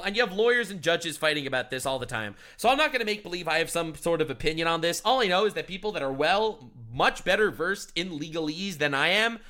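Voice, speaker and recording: A young man streaming, giving sarcastic, profane commentary on news clips in an excitable, joking way. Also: high voice. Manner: sarcastic, excitable, swears a lot.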